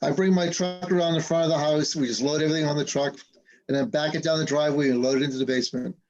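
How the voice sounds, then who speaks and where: A man's voice: on the high side, fairly even intonation, very fast, a little mellow, lo-fi sound, faint music behind. A man hosting a casual live stream chat, telling stories with an easy, laughing manner over a video call. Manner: chatty, laughing between stories. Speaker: host.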